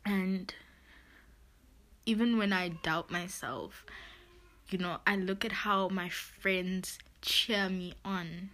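A woman's voice: medium pitch, steady tone, slow, long pauses, fairly bright tone. A woman hosting a podcast, sharing a heartfelt personal monologue while close to tears, filling her talk with "you know" and "literally". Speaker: podcast host.

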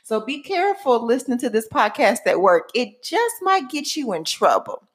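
A woman in her forties from Texas, speaking with a Texan accent. She opens her own podcast as host, lively and playful, stressing words with emphasis. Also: fairly high pitch, moderate pace. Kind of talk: enthusiastic podcast intro.

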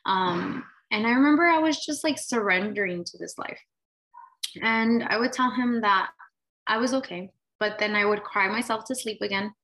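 Woman, late twenties to thirties, candid personal vlog, casual fillers, reflective, medium pitch. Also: moderate pace, a bit bright, low-quality recording. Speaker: vlogger sharing her story. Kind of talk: personal storytelling.

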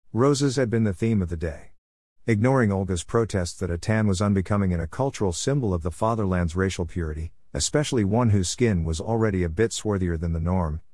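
A man narrating a novel in a measured, descriptive storytelling manner. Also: deep voice, darkish tone, no echo, clean studio sound. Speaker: audiobook narrator. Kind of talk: scripted narration.

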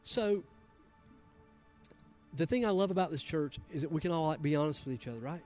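With soft music in the background, a pastor addresses his congregation in the church sanctuary at a fairly quick pace, his voice on the high side and a little mellow. He preaches conversationally and emphatically, often acting out quoted voices.

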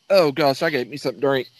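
A man co-hosting a podcast, reacting in casual banter with an animated manner. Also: a little high, heavy background noise. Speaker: podcast co-host.

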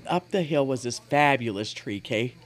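In a casual interview, this Montana guest in her forties shares stories earnestly and animatedly, laughing frequently. Her voice rumbles low, with lively intonation and a normal speed.

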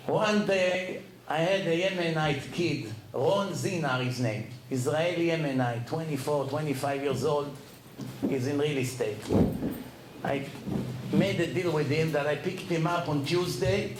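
A man giving a Torah lecture as a lively storyteller who laughs at his own tales. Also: a little high, measured pace, background noise. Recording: echoey room with faint ambience.

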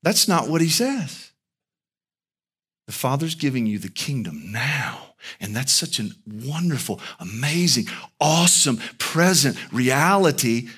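A man preaching a sermon as pastor, emphatic, with rhetorical questions to the congregation. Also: husky. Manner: animated preaching with big pitch swings, slow and emphatic.

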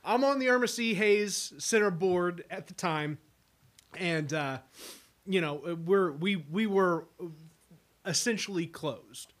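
A man's voice: high-pitched, a bit bright. A man speaking in casual chat, chatty, with frequent restarts.

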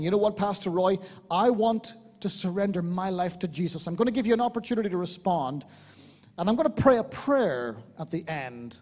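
A man with an Irish accent, the lead pastor of a church, preaching a fervent sermon that swings between loud exclamations and quiet appeals. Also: sits high, long reverb tail. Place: large church hall.

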